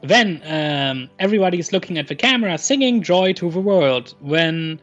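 Male co-host, slightly high voice, excitable and giggly, faint music bed. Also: normal speed, highs cut off. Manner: enthusiastic, laughs often, puts on voices for quotes. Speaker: podcast co-host recapping a sitcom episode. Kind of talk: casual chat.

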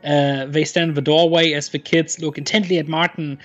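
Male co-host, slightly high voice, excitable and giggly, faint music bed. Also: a little fast, dull audio. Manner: enthusiastic, laughs often, puts on voices for quotes. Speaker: podcast co-host recapping a sitcom episode. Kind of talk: casual chat.

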